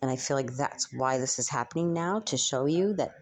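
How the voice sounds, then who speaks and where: A woman's voice: extremely low pitch, brisk, few pauses. A young woman channeling messages for her viewers in a spiritual reading, musing aloud with frequent ums and hesitations.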